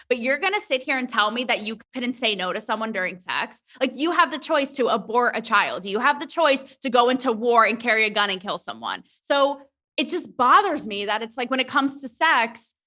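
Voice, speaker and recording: Bright, outspoken woman podcast guest. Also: a little high, animated, moderate pace. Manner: outspoken and frank, swearing freely. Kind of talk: casual chat.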